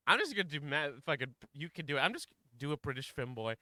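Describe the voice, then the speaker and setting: A man's voice: on the high side, big pitch swings, normal speed, sharp tone, dry recording, clean studio sound. A man streaming a game live, chatting casually, swearing and laughing as he fumbles for character voices.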